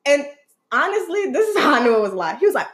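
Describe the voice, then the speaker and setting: A young woman co-hosting a casual chat show, her voice high and swooping as she tells stories. She laughs often and acts out the people she quotes. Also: sing-song, quick pace, a bit bright. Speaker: podcast co-host.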